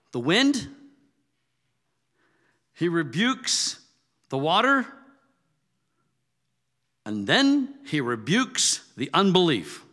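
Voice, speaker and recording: A man's voice: fairly high pitch, bright, forceful tone. A man preaching a sermon in a casual, conversational way that builds to emphatic, raised peaks. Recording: long hall reverb.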